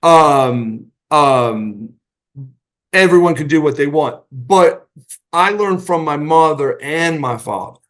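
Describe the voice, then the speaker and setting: A middle-aged man spins backstage stories with a lot of energy, slipping into the voices of the people he quotes. His voice sits a little high for a man, and he stumbles over restarts as he talks. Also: slow. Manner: animated anecdotes, acting out quoted voices, many restarts. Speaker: podcast guest, retired wrestler. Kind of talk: casual storytelling.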